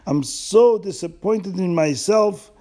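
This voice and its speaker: A man voicing a remorseful man who cries as he confesses to a friend, halting and pleading. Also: high voice, warm tone, voice pushed up. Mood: tearful.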